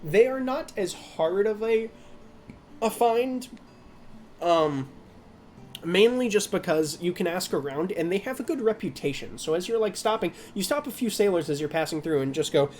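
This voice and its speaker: A game master running a tabletop game in a mid-pitched voice, rambling through the scene and laughing often. Sentences restart again and again, over a faint hiss of noise. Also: expressive, normal speed, a little mellow.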